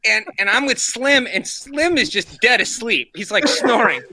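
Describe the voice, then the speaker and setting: A man co-hosting a racing podcast, spinning funny road-trip stories in an animated, laughing way. His voice sits high and swoops widely, with a very bright, tense edge to it. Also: a little slow. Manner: animated storyteller, acts out shouts and laughs a lot. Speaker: podcast co-host. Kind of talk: casual chat telling funny stories.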